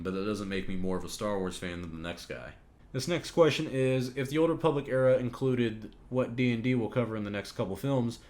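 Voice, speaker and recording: A man's voice: on the low side, a little mellow. Opinionated man hosting a casual podcast. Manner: opinionated, swears when ranting. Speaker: podcast host answering viewer questions.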